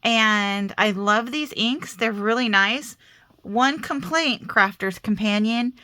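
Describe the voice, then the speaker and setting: A woman's voice: on the high side, slow pace, sharp tone. A chatty woman with a slight Southern American accent, hosting a casual crafting tutorial and talking to herself as she works. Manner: chatty, self-deprecating, talks to herself while working. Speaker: crafting video host.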